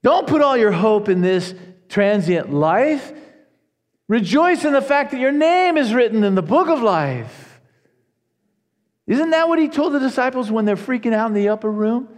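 A man preaching a sermon to his congregation, earnest and animated, often restarting his phrases. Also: extremely high pitch, moderate pace, big-room sound. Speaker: pastor.

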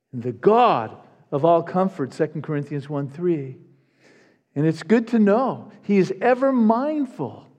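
High-voiced male preacher in a reverberant hall. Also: darkish tone. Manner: emphatic, earnest preaching with repetitions. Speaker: pastor. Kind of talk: sermon. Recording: long reverb of a large hall.

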